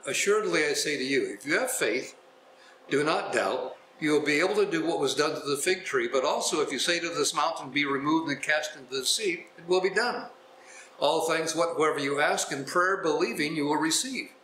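Bright-voiced man teaching in echoey room. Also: on the high side, slight background noise. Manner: folksy, chuckling asides between readings. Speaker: pastor teaching a Bible class. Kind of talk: scripture reading with casual commentary.

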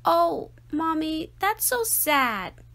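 A woman's voice: high voice, sing-song, slow, a bit bright, pitched above the performer's own voice, exaggerated voice. A woman doing a bold, dramatic little girl. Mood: earnest. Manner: emphatic, indignant questions.

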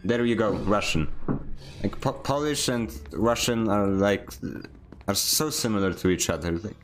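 A man's voice: lowish voice, normal speed. Joking young man streaming a game. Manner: joking, rambling and self-mocking, laughs often. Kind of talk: casual gaming stream commentary.

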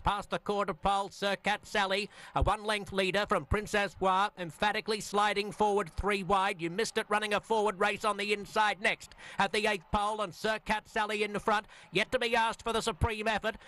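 A man calling a horse race live, with a rapid, rhythmic calling cadence. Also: high voice, sharp tone. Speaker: race caller.

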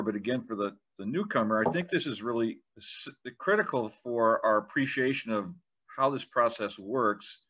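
Male co-host, bright and forceful tone, thoughtful explainer; dull, lo-fi recording. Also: medium pitch. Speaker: podcast co-host. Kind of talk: conversational discussion. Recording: dull lo-fi sound.

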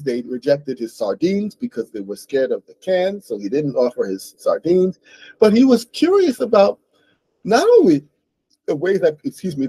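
A man with an American accent reads a story aloud and then explains it patiently to English learners. He often checks in with a quick "right?". His voice sits a little high, with a warm, mellow tone that sounds dry and close. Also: slightly rough, dry recording, low-quality recording. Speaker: host and English teacher.

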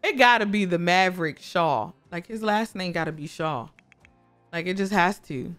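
A young woman giving casual gameplay commentary, gushing, excitable and talking to her game characters, often breaking into high squeals. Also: normal speed. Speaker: gaming YouTuber. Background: faint background music.

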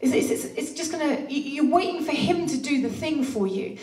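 A woman preaching a passionate sermon, with playful laughs and hushed asides. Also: high voice, lively intonation, a little fast. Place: church hall. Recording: roomy church hall, distant mic.

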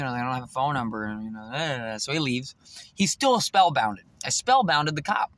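A man's voice: mid-range voice, fairly quick, a bit bright, slight background noise. A man telling a story in a profane, agitated, boastful way while sitting in his parked car in a parking lot. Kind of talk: casual storytelling vlog.

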